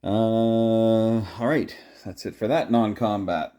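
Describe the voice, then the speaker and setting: A man's voice: lowish voice, steady tone, takes it slowly, dark tone. A man casually narrating his turn in a board game, counting out his moves aloud as he plays.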